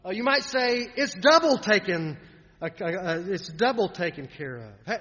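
A man preaching a sermon in an earnest way, often repeating words and trailing off softly at the ends of lines. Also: high voice, big pitch swings, moderate pace. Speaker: pastor. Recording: dull sound in a reverberant hall.

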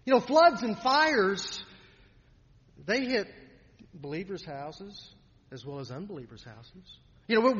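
A man preaching a sermon in an earnest way, often repeating words and trailing off softly at the ends of lines. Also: high-pitched. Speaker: pastor. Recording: dull sound in a reverberant hall.

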